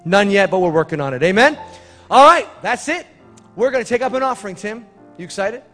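High-voiced guy rambling thru church announcements, jokey, big echoey hall, soft music behind. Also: lively intonation, a little fast. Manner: chatty, rambling, joking asides. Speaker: church staff giving announcements. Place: church sanctuary.

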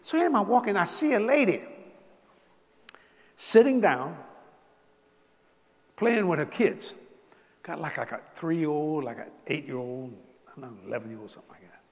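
Animated preacher man in a reverberant hall. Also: fairly high pitch, moderate pace, long pauses. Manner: animated, shifts from soft asides to loud bursts. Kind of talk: sermon storytelling.

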